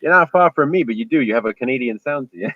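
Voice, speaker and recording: A man's voice: mid-range voice, animated, very fast, dry recording. A man co-hosting a podcast, teasing and cracking jokes in casual chat. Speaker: podcast co-host. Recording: dry, muffled lo-fi mic.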